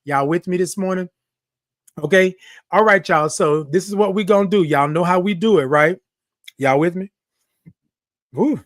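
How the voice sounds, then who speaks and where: Guy hosting a morning live, high voice, dry sound, chatty and playful with comments. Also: normal speed, long pauses, no room sound. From Texas. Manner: animated, reads viewer comments aloud, playful. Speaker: livestream host. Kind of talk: casual livestream chat.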